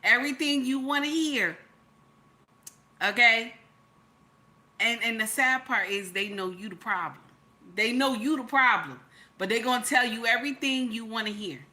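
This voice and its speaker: A woman giving casual reaction commentary on a vlog, animated and exclamatory, full of chatty asides. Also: fairly high pitch, normal speed, long pauses. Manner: animated, exclamatory, mimics others' voices. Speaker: YouTube commentator.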